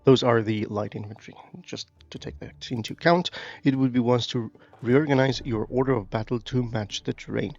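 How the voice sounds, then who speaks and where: A man's voice: mid-range voice, steady tone, moderate pace, vocal fry, a little mellow, highs cut off, faint music behind. A man giving casual commentary on a strategy game, reading tutorial text aloud and musing with fillers. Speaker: gaming YouTuber.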